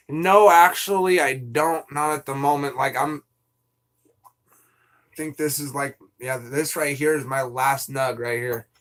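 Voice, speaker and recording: A man's voice: medium pitch, slow, fairly bright tone. A young man streaming live, chatting casually and venting with lots of swearing and rambling asides.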